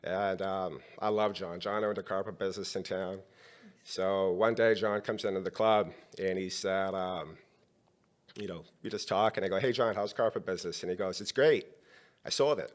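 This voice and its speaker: Man, middle-aged, low voice, podcast guest, storytelling, acts out dialogue. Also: moderate pace. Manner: animated storyteller acting out dialogue.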